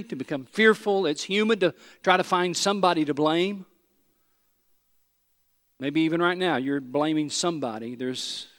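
Male pastor, a bit high-pitched, conversational sermon delivery, big hall reverb. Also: a bit bright. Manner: conversational preaching, voicing imagined prayers.

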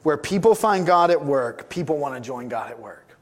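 A man's voice: fairly high pitch, animated, moderate pace. Emphatic man preaching a sermon. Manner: emphatic, repeats key phrases. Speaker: pastor.

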